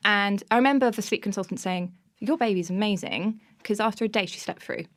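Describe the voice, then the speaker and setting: A woman's voice: mid-range voice, fairly quick. A woman, a podcast guest, telling funny self-mocking stories in a casual interview, often breaking into laughter.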